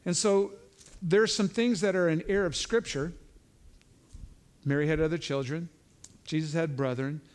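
A man's voice: on the high side, moderate pace, long pauses, clear, resonant tone. A man giving an informal verse-by-verse Bible teaching, talking conversationally with frequent asides and restarts.

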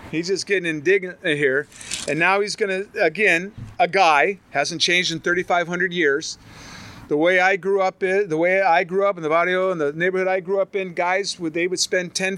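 A middle-aged preacher with a high, bright voice that carries. He reads scripture aloud, then breaks off to riff with playful asides and stories from his life. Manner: animated, storytelling, reads scripture aloud then riffs with humor. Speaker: pastor. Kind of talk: sermon.

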